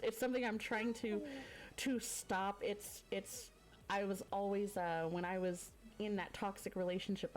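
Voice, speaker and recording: A woman streamer hosting a livestream, talking in a halting, soft-spoken, casual way and apologizing often. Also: medium pitch. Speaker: streamer host. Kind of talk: emotional casual talk on a livestream.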